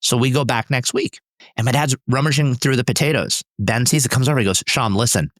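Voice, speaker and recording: A man's voice: mid-range voice, fast, no room sound, studio quality. A man, a company founder, telling personal stories in an interview in an intense, emphatic, driven way. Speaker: startup founder and CEO, podcast guest.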